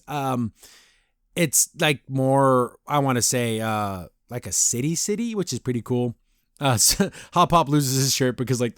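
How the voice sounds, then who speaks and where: A man's voice: medium pitch, no echo, studio quality. A man hosting a review podcast in a casual, rambling way, often laughing. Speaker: podcast host reviewing a cartoon episode.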